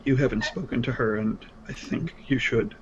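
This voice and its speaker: A man playing a tabletop role-playing game, speaking slowly and haltingly with many fillers, sometimes in character. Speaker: player. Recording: dull low-fi stream audio with faint noise.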